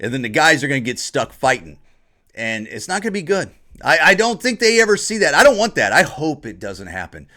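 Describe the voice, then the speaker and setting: A man's voice: on the high side, very animated, fairly quick, sharp tone. A man from Ohio hosting an opinion podcast, ranting in a repetitive, combative monologue and mocking others. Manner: mocks others in put-on voices. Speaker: podcast host.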